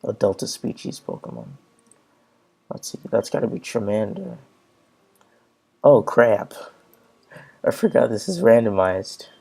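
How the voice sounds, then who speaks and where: A man's voice: fairly low pitch, measured pace, vocal fry, pauses often, mellow, breathy edge. A man commentating on his gameplay and reading game dialogue aloud in a loose, offhand way.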